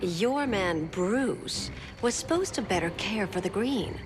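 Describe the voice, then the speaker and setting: An actress playing a cold, self-assured eco-villain with a cool, dismissive manner. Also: female voice, medium pitch, lively intonation, slow pace. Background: game music.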